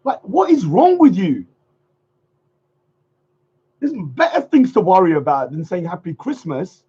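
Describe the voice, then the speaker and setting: A man's voice: sits high, very animated, measured pace, mellow, husky. A man hosting a livestream, ranting in a mocking, sarcastic way and repeating phrases in a sing-song. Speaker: livestream host. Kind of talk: casual livestream rant. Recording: dull lo-fi stream audio.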